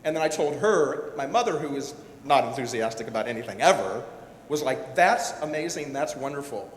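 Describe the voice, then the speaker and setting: A man who works as a director-producer gives a personal, emotional speech to an audience, rambling and restarting as he goes. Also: a little fast. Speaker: event speaker, director-producer. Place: large hall. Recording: echoey hall with faint rumble.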